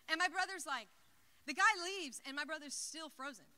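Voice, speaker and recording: A young woman giving a youth service message, telling a story in an excited, chatty way with lots of "like" into a handheld mic. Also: high-pitched, normal speed. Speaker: youth speaker.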